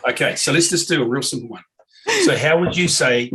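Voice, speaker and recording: Man, New Zealand accent, podcast guest, casual chat, mid-pitched. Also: fairly quick, fairly bright tone, slight background noise, low-quality recording.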